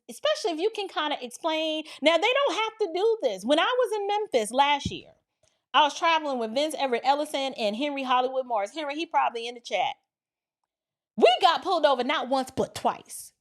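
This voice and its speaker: A middle-aged woman hosting a reaction video, telling stories in a casual, animated, colloquial way. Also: sits high. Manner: animated, colloquial, acts out quotes. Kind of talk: casual commentary and storytelling.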